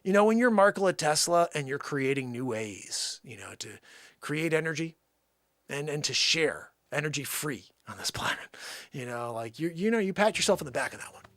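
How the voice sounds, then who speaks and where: A man playing a boastful male time traveler who claims famous past lives, rambling with shouting outbursts. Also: fairly high pitch, animated, normal speed, no echo, studio quality. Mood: hushed bragging.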